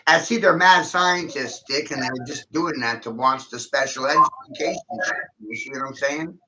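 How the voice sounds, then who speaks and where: A man's voice: medium pitch, moderate pace, sharp tone, slight background noise, low-quality recording. A man ranting angrily in a casual vlog, swearing heavily and jumping between grievances. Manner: angry, swearing, erratic. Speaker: vlogger. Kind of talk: profane rant to camera.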